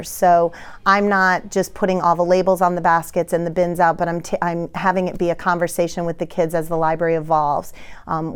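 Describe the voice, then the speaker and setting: Clear-voiced kindergarten teacher, woman. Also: fairly low pitch. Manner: thoughtful, with frequent ums and restarts. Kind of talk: interview talk.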